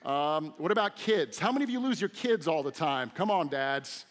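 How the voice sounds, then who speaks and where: Animated preaching man, higher voice. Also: normal speed. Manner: animated storytelling with acted-out quotes. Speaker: teaching pastor. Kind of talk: sermon. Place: church sanctuary.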